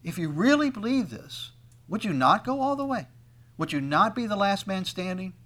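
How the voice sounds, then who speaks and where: Preacher with a slightly high, dynamic delivery. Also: male voice, very animated, normal speed. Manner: swings between loud emphasis and quiet asides; acts out quoted speakers in conversational tones. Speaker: pastor. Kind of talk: sermon.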